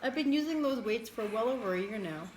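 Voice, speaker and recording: A woman's voice: on the high side, expressive, quick pace, a little mellow. A woman chatting casually while eating at home, blunt and teasing, often laughing. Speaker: co-host. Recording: roomy with faint background noise.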